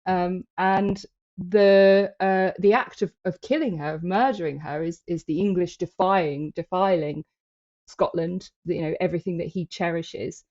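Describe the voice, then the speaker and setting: A woman's voice: fairly low pitch, fairly even intonation, unhurried, darkish tone. A woman co-hosting a casual film discussion, talking thoughtfully with hesitations. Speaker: podcast co-host. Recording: dull lo-fi audio.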